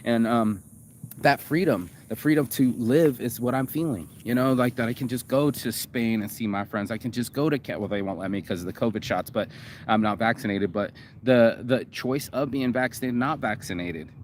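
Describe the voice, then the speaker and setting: A man of middle pitch talks off the cuff in a loose, rambling monologue. He swears freely and trips over fillers and restarts. A faint hiss runs underneath. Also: normal speed. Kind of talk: casual monologue reacting to a video.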